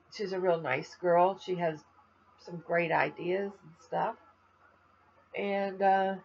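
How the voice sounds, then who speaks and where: A woman's voice: fairly low pitch, vocal fry, dull audio, a little hiss or hum. An older woman from Florida, a crafting vlogger, chatting in a rambling, tired, slightly stuffy way to her viewers. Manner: rambling, chatty, trails off with fillers. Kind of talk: rambling casual chat to viewers.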